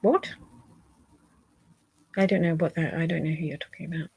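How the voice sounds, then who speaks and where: A woman's voice: low voice, fairly even intonation, racing, vocal fry, a little mellow, slightly rough. A British woman on a livestream, bluntly scolding and swearing at online trolls.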